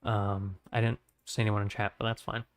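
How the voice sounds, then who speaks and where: A man livestreaming from his desk, talking in a rambling, friendly way full of ums. His voice sits slightly low and sounds worn out and strained, recorded close and dry with no room sound. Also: level tone, normal speed, dry recording. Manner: rambling, filler-heavy, friendly. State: strained, tired voice. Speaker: art livestreamer. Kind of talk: casual stream sign-off chat.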